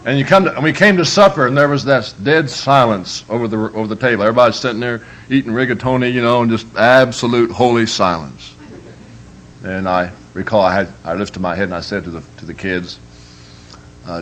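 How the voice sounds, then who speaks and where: A man's voice: lowish voice, normal speed, a little hiss or hum. A man giving a humorous live parenting workshop as a preacher, telling stories with emphatic, joking delivery. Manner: lively, joking, emphatic storytelling.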